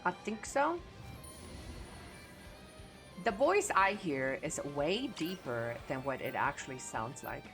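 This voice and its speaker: A woman's voice: low-pitched, big pitch swings, slow pace, pauses often, fairly bright tone, faint music behind. A woman streamer with a Chicano English accent, chatting casually, blunt and profane.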